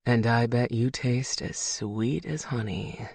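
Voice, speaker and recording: A narrator doing a low, teasing werewolf lover. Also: slow pace, vocal fry, darkish tone, breathy edge, no room sound, exaggerated voice. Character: lustful man, a werewolf lover.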